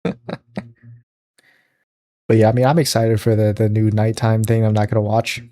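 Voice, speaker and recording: Podcast co-host, young man, relaxed mellow tone, dry questioning asides. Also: fairly low pitch, normal speed. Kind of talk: casual chat.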